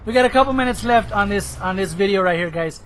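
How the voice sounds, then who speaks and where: A hoarse man giving rambling, excitable commentary over his own gameplay footage, now and then bursting into shouts. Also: high voice, fast, a little hiss or hum, low-quality recording. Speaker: gameplay video host.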